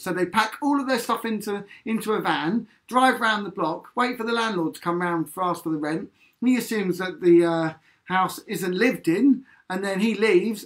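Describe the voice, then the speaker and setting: A man's voice: high voice, sharp tone. A man leading an online sing-along as a musician. He is upbeat and chatty, reads out viewer comments and counts in the beats. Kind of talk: chatty live-stream singing lesson.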